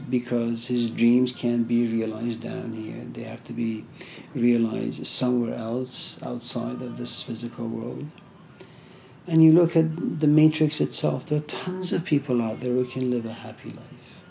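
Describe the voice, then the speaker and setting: A man's voice: medium pitch, vocal fry, darkish tone, slight background noise. A man giving an informal philosophy lecture, talking conversationally with many "you know"s and story asides.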